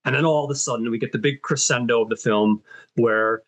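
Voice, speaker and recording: A man with a mid-range voice hosts a film podcast, casually retelling a movie's plot. He uses lots of fillers and slips into quick voiced quotes of the characters.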